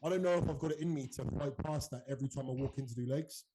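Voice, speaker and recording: A man's voice: mid-range voice, background noise. A man co-hosting a casual podcast, speaking frankly with lots of fillers. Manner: fast, frank, filler-heavy.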